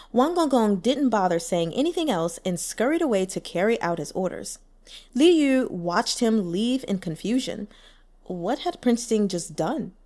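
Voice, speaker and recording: A woman reading a novel aloud as an audiobook narrator, telling the story expressively. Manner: expressive storytelling with lively pitch. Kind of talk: scripted narration.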